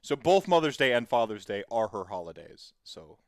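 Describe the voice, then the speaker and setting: Man, podcast host, rambling casual chat, mid-pitched, dry close recording. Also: big pitch swings, moderate pace, no room sound. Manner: rambling, digressive storytelling.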